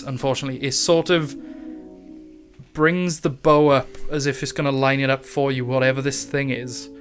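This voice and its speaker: A man running a tabletop game as dungeon master, narrating in a relaxed, chatty way with fillers. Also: medium pitch.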